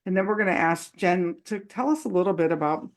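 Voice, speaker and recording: A woman's voice: fairly low pitch, a little fast. A woman hosting a casual live online chat, talking loosely with many fillers and frequent laughs. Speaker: host.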